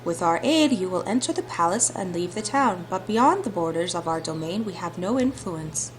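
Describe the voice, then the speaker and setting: A woman reading aloud as a mysterious lake fairy spirit, slow, hushed and measured. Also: on the low side, lively intonation, slight background noise, natural voice. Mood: solemn. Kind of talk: reading visual novel dialogue aloud.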